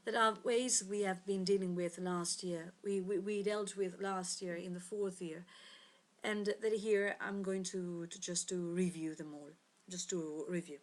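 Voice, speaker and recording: A woman, an English teacher giving a recorded grammar lesson, pausing often and correcting herself as she explains. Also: on the low side, fairly even intonation. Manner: hesitant, frequent fillers and self-corrections.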